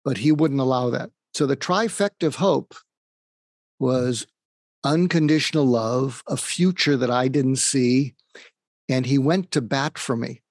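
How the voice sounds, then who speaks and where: A man's voice: mid-range voice, a little slow, no room sound, studio quality. A man, a psychiatrist from near Boston, telling a personal story in an earnest, reflective way and acting out the dialogue he quotes. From suburb of Boston, USA. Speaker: psychiatrist guest.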